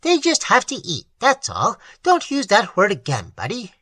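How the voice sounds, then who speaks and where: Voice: mid-range voice, wildly swooping pitch, normal speed, pushed and bright, dry recording, voice pushed up, exaggerated voice. A narrator voicing a mysterious male gardener figure who talks in a folksy, coaxing and sly way. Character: eerie otherworldly male gardener.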